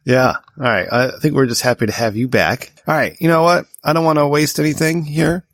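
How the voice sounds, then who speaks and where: A man hosting a casual comedy podcast, excitable and profane, joking with his co-host. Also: a little high, fairly quick, no echo, clean studio sound.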